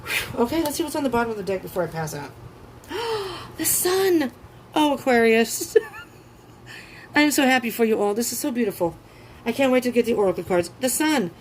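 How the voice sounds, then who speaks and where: A woman giving a tarot reading who gushes with excitement, swears freely and breaks into gasps and laughter. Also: fairly high pitch, fast talker, slight background noise, low-quality recording. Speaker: tarot reader.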